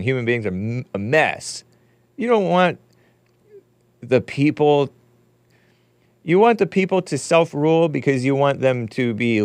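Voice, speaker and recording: A male show host talks casually in a mid-pitched voice, rambling and mocking as he gives his opinions. The sound is close and dry, with no room around it. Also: dry recording. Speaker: podcast host. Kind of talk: casual call-in and monologue.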